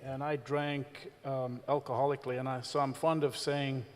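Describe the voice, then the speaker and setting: A man's voice: medium pitch, flat delivery. South African man with a long hall reverb. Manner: measured and candid, with frequent pauses and "um"s. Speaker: visiting reverend. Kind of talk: personal testimony in a church service. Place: church stage.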